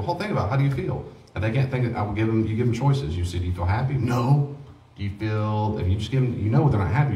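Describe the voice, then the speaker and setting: Fast-talking man teaching in an echoey room. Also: medium pitch, far from the mic. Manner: animated, acts out dialogues with children. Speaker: pastor teaching a grief study. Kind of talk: informal teaching talk.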